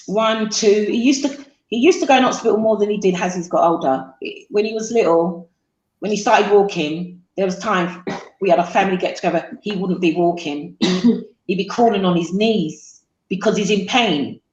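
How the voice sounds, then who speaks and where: A woman speaks as an interview guest, halting and full of fillers and restarts. Her voice sits in a roomy space and sounds slightly dull. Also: medium pitch. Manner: halting, tearful, with self-deprecating jokes. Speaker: guest, mother. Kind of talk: emotional interview.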